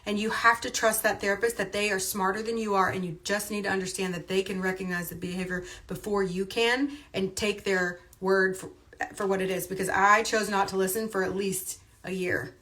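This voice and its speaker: A woman's voice: mid-range voice, steady tone, brisk, a bit bright. A woman talking on a casual livestream, emphatic and chatty, often repeating her points.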